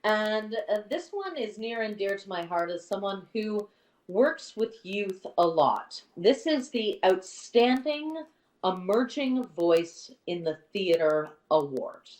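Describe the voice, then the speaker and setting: A woman's voice: mid-range voice, sing-song, slow pace, darkish tone. A woman presenting theatre awards as the adjudicator, effusive and full of praise as she introduces each nominee. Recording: echoey room, far from the mic.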